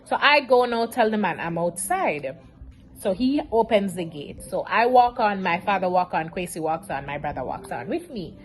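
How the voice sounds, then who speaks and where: A woman, telling a storytime vlog in an animated, emotional way. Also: mid-range voice, moderate pace. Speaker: vlogger.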